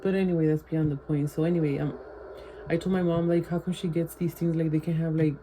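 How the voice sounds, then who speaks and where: A woman at home tells a storytime in a rambling, casual way, leaning on fillers and dropping Spanish phrases into her English. Her voice is mellow and level, with little rise and fall. A faint hiss sits under the recording. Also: deep voice, flat delivery, fast, poor audio. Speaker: vlogger.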